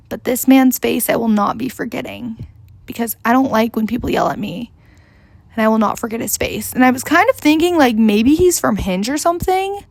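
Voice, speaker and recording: Young female vlogger, fry-heavy, dry room, casual rambling storyteller who swears offhand. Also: a little high, no room sound.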